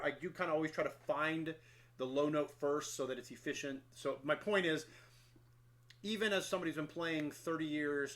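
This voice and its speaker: A middle-aged brass player talks casually through his daily practice routine in a slightly high, fairly bright voice. He's candid and self-deprecating, thinking out loud with small restarts, as if giving relaxed instruction.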